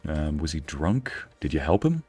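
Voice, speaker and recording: A man's voice: rumbling low, sing-song, normal speed, dark tone, slightly rough, faint music behind. A young man casually commenting on a game he is playing, joking and laughing often. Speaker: streamer narrating a game playthrough.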